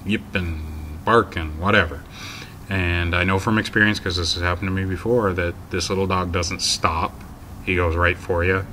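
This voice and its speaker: A man telling a story straight to camera in a rambling, exasperated way, full of ums and "so anyways.". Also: slight background noise. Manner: gets loud and high when quoting his own yelling. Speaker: vlogger.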